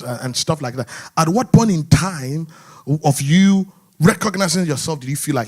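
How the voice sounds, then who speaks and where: A man's voice: a little high, expressive, moderate pace, a little mellow. A man with a London accent hosting a church discussion among men, earnest and searching, often restarting his questions. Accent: London English. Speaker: host.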